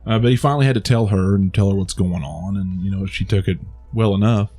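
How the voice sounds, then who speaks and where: Fast and warm, his low voice carries this casual movie discussion on a podcast he co-hosts, with soft music behind him. He rambles, restarts a lot, and finds his own jokes funny.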